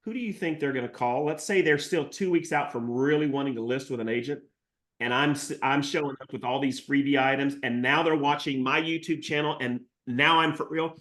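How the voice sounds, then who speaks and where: A man giving an energetic, joking live training session to real estate agents. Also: medium pitch, brisk. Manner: energetic, jokey, salesy pep talk.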